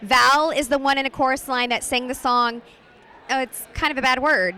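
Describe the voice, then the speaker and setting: A woman voice actress chatting in a bubbly, animated way during a convention interview. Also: high voice, moderate pace. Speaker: voice actress guest. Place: busy convention floor.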